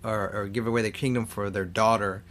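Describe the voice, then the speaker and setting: A man with a fairly low voice recaps a cartoon film's plot in a loose, casual way, swearing freely and often restarting his sentences. A faint hum sits under the recording. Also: flat delivery, brisk, a bit bright. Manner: loose, profane storytelling with frequent restarts. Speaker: movie recapper.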